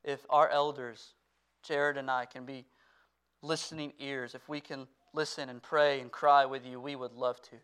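Earnest pastor with a clear, ringing voice. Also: male voice, mid-range voice, little pitch movement, moderate pace. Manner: earnest preaching that swings from forceful to hushed. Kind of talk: sermon. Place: church.

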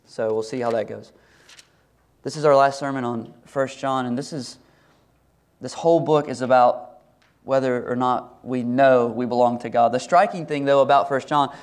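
Conversational pastor preaching a sermon. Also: male voice, mid-range voice. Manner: earnest, conversational, asks the congregation many questions.

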